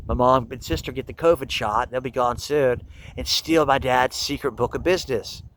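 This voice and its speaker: A man's voice: mid-range voice, moderate pace, fairly bright tone, poor audio. A man talking in a rambling monologue, jumping between topics, restarting sentences and filling them with constant swearing. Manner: restless, restarts sentences often.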